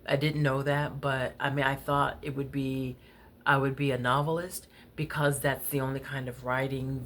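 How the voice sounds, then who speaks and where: A low-pitched woman speaking slowly in a relaxed storytelling vlog. She is a writer who talks candidly and unhurriedly, with many fillers and the odd laugh. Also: a little hiss or hum. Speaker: poet and writer.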